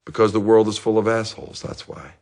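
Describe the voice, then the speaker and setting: An actor plays a self-pitying divorced dad in therapy, deep and low in voice. He rambles and justifies himself in a comic monologue, and now and then he flares up in anger. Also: little pitch movement, a little fast, a little mellow, lightly acted. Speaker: therapy patient.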